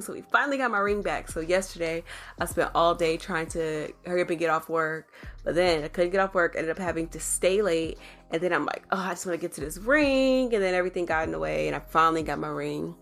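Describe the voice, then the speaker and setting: A woman's voice: lowish voice, steady tone, quick pace, fairly bright tone, faint music behind. Playful young woman co-hosting a podcast. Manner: playful, teasing, chatty. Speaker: podcast co-host. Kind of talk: casual couple podcast chat.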